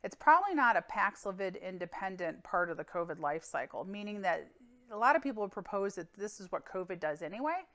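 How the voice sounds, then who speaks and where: A woman physician giving a weekly medical update in a calm, clinical, explanatory way, with occasional fillers. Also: mid-range voice, fairly quick.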